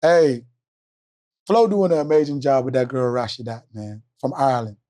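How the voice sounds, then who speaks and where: A man's voice: medium pitch, moderate pace, dark tone. A middle-aged man, a coach and co-host, talking in a teasing, laid-back way in a casual sports chat.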